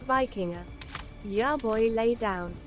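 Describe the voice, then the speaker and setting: A woman's voice: fairly high pitch, slow pace. Synthetic woman's voice reading chat. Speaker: text-to-speech reading viewer messages. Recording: very loud game music behind.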